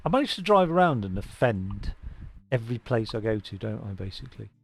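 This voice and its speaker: A man's voice: fairly low pitch, very animated, fairly quick, creaky. A man rambling casually as he streams a truck-driving game, with self-mocking asides. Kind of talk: casual live-stream commentary.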